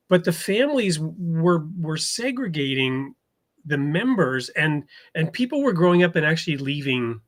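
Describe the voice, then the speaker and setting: A man with a somewhat high voice hosts a relaxed faith podcast. He thinks aloud, pausing and restarting, and laughs easily. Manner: thoughtful, halting, laughs easily. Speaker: podcast host. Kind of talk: conversational interview.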